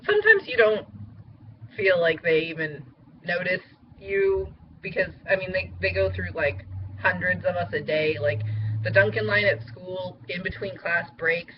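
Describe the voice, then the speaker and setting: A woman's voice: lowish voice, animated, a little slow. Young woman rambling thru a vlog update, lots of ums and likes, kinda dull camera mic, faint hum. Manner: chatty, rambling, many fillers. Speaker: vlogger. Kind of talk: casual weight loss update vlog.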